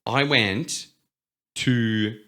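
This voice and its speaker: A man's voice: mid-range voice, drawn-out words, pushed and bright. A man from Australia co-hosting a podcast, telling jokey stories in casual chat. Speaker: podcast co-host.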